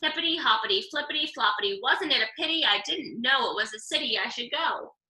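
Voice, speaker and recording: A woman's voice: sits high, expressive, normal speed, bright, forceful tone, roomy sound, exaggerated voice, low-quality recording. A woman voicing a sad, anxious mother kangaroo in a storybook reading, pleading and tearful. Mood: excited.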